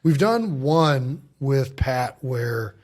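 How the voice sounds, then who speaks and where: Husky man telling rambling stories. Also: mid-range voice, expressive, extremely slow, darkish tone. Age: 30s. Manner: rambling, self-interrupting, laughs often. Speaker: podcast guest, football center. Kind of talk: casual chat.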